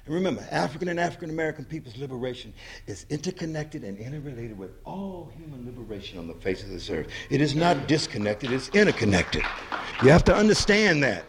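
A man giving an impassioned public speech as a political activist, emphatic and rhythmic, repeating his phrases and swinging between loud and soft. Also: mid-range voice, big pitch swings, fast, crowd noise. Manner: emphatic, rhythmic, repetitive oratory with wide swings in loudness.

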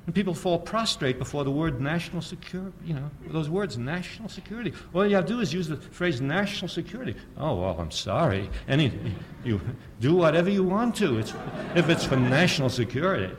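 A man giving a public history lecture, sardonic and animated, firing off rhetorical questions and often chuckling at his own points. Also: fairly high pitch, fast talker, hardly any pauses, a little hiss or hum.

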